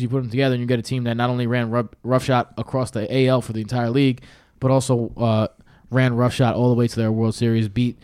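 A man's voice: mid-range voice, smooth, no room sound, studio quality. A man co-hosting a casual sports talk show, rambling and jokey with plenty of fillers. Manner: jokey, does mock accents, rambling with fillers. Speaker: podcast co-host.

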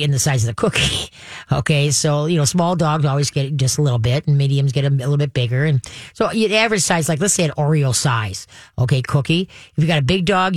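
Hosting call-in radio as a dog trainer, the woman gives hands-on, step-by-step guidance in an upbeat manner, regularly saying "okay" to check in. The sound is clean studio audio without echo, and her voice is low-pitched and somewhat mellow.

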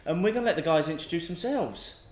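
A man's voice: on the high side, lively intonation, fast talker, a little mellow. A man hosting a casual podcast in a pub, upbeat and leading the conversation. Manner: upbeat, leads the talk. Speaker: podcast host. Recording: roomy pub with faint noise.

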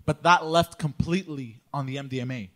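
A man's voice: mid-range voice, fairly quick, fairly bright tone. A man chatting on a podcast, sheepish and defensive as friends tease him. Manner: sheepish, defensive, short replies. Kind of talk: casual chat.

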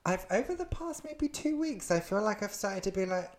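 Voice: mid-range voice, sing-song, normal speed. A podcast co-host chatting casually, rambling with many fillers and restarts. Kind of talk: casual chat.

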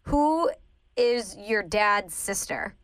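A woman co-hosting a podcast, chatting casually and teasing her co-host in an animated way. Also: medium pitch, drawn-out words, clear, resonant tone, no echo, poor audio. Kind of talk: casual chat. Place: Saint Louis.

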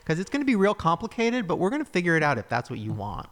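A man hosting a casual podcast, excitable and quick to laugh as he runs the segments. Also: high-pitched. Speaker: podcast host.

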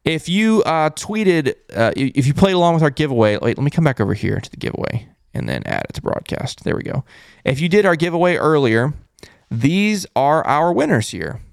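A man's voice: on the high side, very animated, a little fast, creaky, clear, resonant tone, no room sound, studio quality. A man hosting a casual live-stream postgame recap, chatty and thinking aloud as he reads through stats and repeats his reactions. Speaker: host of a fan postgame show.

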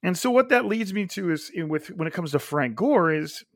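A man's voice: high-pitched, expressive, moderate pace, no room sound, clean studio sound. A man hosting a casual solo sports podcast, rambling and thinking aloud with frequent restarts and asides. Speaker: podcast host. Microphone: gaming headset.

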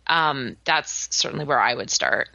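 A woman's voice: extremely low pitch, moderate pace, gravelly, pushed and bright, no room sound, highs cut off. A woman in her thirties from Canada with a light Canadian accent, co-hosting a podcast in casual, laughing chat with frequent restarts. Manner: chatty, laughs often, many restarts. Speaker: podcast co-host.

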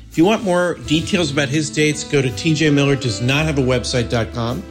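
A man hosting a comedy podcast, announcing dates and building a bit in a deadpan, mock-grand way with plenty of "uh"s. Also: on the high side, brisk, faint music behind. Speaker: podcast host. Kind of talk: casual comedy podcast talk.

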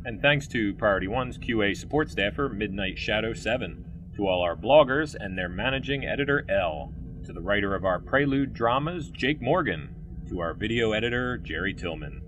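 A man co-hosting a podcast, reading the credits in an animated way. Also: lowish voice, normal speed, a little hiss or hum, rough recording. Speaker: podcast co-host.

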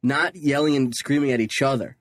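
Man, podcast co-host, measured advice-giver, mid-pitched voice, dry close mic. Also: steady tone, no echo. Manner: measured, gives practical advice. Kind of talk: casual chat.

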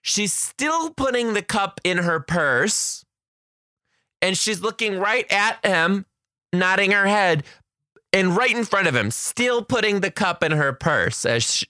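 A man hosting a podcast as a kindergarten teacher, talking in a sassy, animated comedic monologue. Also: sits high, dry recording, studio quality. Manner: animated, sassy, acts out classroom scenes.

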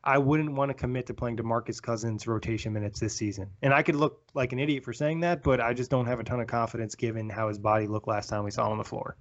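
A man co-hosting a casual basketball podcast, analyzing players quickly with frequent fillers. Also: mid-range voice, fairly even intonation. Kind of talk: casual sports chat. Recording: dull lo-fi sound.

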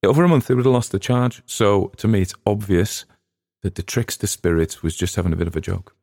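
A man's voice: on the low side, fairly quick, a little mellow, no room sound, clean studio sound. An English man hosting a podcast, chatting casually in a rambling, digressive way with frequent restarts. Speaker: podcast host and reader.

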